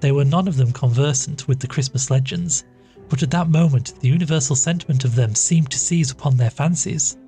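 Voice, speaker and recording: A man reading a classic short story aloud as a podcast narrator, measured and even. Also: mid-range voice. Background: faint music.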